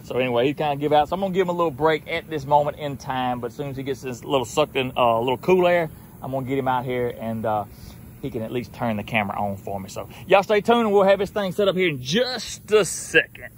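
A man's voice: mid-range voice, fast, a little hiss or hum. A man narrating a casual outdoor vlog as a hog trapper, chatting in a folksy way with asides to his viewers. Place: outdoors near a house.

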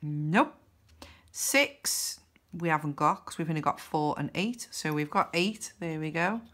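Lady scratching cards, talks slow, kinda bright sharp voice, little woohoos and boos. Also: low-pitched, lively intonation. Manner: chatty, counts numbers aloud, cheers and groans. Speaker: scratch card vlogger. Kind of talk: casual commentary while scratching cards.

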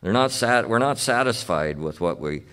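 A man's voice: fairly low pitch, expressive, normal speed, fairly bright tone, clean tone. A man preaching a sermon as pastor, telling stories in a folksy, plain-spoken way in church. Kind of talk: storytelling sermon.

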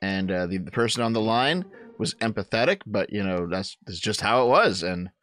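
A young man hosting a show, reacting to clips with loud, crude exclamations and swearing. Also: on the low side, lively intonation, moderate pace, faint music behind. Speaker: commentary host.

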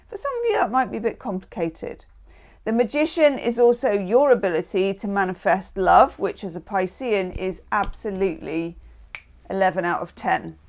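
A woman talks through a tarot reading in a relaxed, chatty way. She is encouraging and keeps checking in with her listeners. Her voice sits at an ordinary middle pitch. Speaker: tarot reader. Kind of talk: casual tarot reading to camera.

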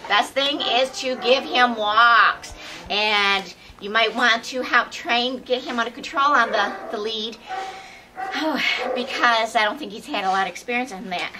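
A woman's voice: fairly high pitch, unhurried, over music. A woman presenting shelter dogs for local TV, out of breath as she handles them, coaxing them and laughing between lines. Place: outdoors by a fence with dogs. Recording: noisy local TV recording.

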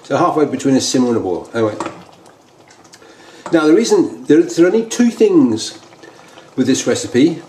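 A British man from the United Kingdom hosts a casual home cooking demonstration, rambling and repeating himself as he explains a recipe. His mellow, mid-range voice swings widely in pitch at a moderate pace with frequent pauses. The home kitchen sounds echoey, with faint background noise.

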